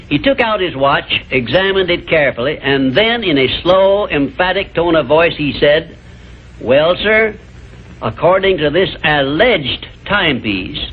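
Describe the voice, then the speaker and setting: A man delivering a measured, emphatic motivational lecture in an old, tinny archival recording. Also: a little high, slightly rough.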